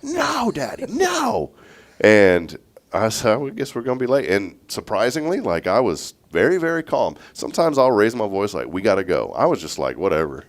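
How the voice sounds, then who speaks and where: Congested guy hosting morning talk, really low voice, rambly and laughy. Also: lively intonation, brisk. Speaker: morning show host. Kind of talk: casual chat.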